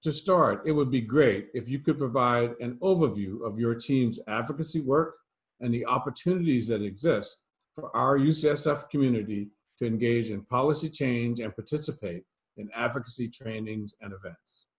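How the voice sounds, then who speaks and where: A man, a medical school dean hosting the show, reading prepared introductions and questions smoothly. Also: mid-range voice, moderate pace. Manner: reads prepared lines smoothly. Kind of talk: scripted interview questions.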